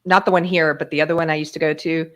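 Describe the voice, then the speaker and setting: A woman hosting a casual live-stream chat, telling a story with lively acted-out dialogue and frequent laughter. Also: sits low, fast. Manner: animated storyteller who acts out dialogue and laughs often. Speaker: podcast host.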